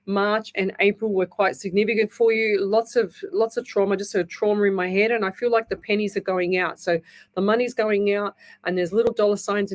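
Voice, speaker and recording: A middle-aged woman hosting live psychic readings in an easygoing, talkative way. Her voice sits at an ordinary middle pitch for a woman. She calls listeners pet names and breaks things down simply. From Australia. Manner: chatty, warm-hearted, calls listeners lovey and hun; reads viewer comments aloud and explains things in plain terms. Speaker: psychic medium radio host.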